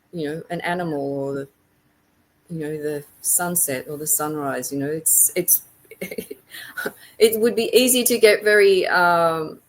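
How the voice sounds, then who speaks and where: A woman author speaking as a guest in a casual interview, reflective, often trailing off and restarting her thoughts. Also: lowish voice.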